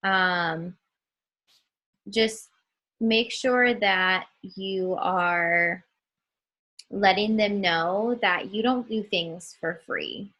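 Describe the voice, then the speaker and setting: A woman leading a casual training call for new models, talking in a slow and chatty way with many ums and calling her listeners guys. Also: medium pitch, fairly bright tone, highs cut off.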